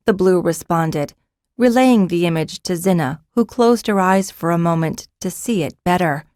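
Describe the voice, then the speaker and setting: In this scripted narration of a fantasy audiobook, a woman keeps a steady, measured storytelling pace. Her pitch is fairly low, and the dry recording has clean studio sound.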